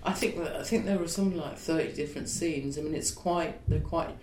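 A man talks through his choices as a playwright in an interview, reflective and discursive. His voice sits a little high for a man and carries a roomy echo, with a faint low rumble underneath. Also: a little fast, a little mellow. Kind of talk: conversational interview. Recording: echoey room with faint rumble.

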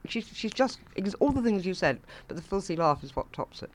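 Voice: medium pitch, sing-song, fairly quick. An arts interviewer who talks in an effusive, enthusiastic way. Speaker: radio interviewer.

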